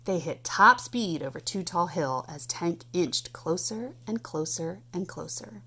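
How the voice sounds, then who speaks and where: A woman's voice: lowish voice, expressive, a little slow, bright, forceful tone, husky. Woman reading a storybook aloud.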